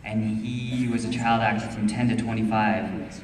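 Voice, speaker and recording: A man's voice: on the low side, level tone, moderate pace. Young male actor at a convention Q&A, easygoing and rambling, recorded far off in a reverberant hall. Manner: laid-back, rambling, drowsy, laughs often. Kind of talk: casual panel Q&A storytelling.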